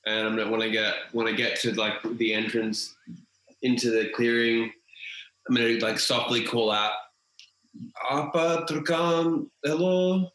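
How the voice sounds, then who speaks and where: A man's voice: on the low side, completely flat delivery, moderate pace, bright, forceful tone. A man playing a tabletop game, talking casually in a loose, rambling way full of fillers. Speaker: player. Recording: echoey room.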